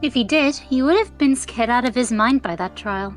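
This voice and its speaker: A woman's voice: a little high, lively intonation, normal speed, soft background music. A woman making teasing, sarcastic remarks in casual commentary over a game with friends. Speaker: let's play co-commentator.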